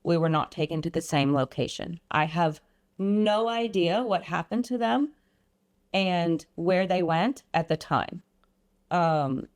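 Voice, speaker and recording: Woman, low-pitched, podcast guest, earnest storytelling, halting restarts. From Iran. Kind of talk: personal storytelling.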